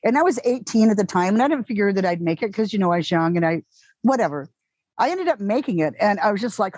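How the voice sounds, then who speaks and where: A middle-aged woman with a Texan accent telling candid, animated stories in an interview, swearing freely and acting out the people in them. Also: mid-range voice, fast, dry recording, dull audio. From Texas. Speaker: actress guest. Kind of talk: casual interview storytelling.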